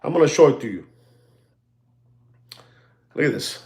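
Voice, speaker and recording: Man, high voice, very animated swings, sarcastic ranting watchmaker host, repetitive. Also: moderate pace, long pauses. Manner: sarcastic, repetitive, switches into Spanish. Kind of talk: ranting monologue.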